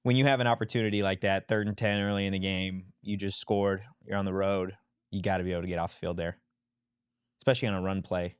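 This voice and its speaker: Low-voiced man analyzing football casually. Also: fast talker, clean tone, dry recording, studio quality. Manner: relaxed analysis, reads chat questions aloud. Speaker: co-host of a live sports watch-along. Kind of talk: casual chat. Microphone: mic set low, sometimes far from mouth.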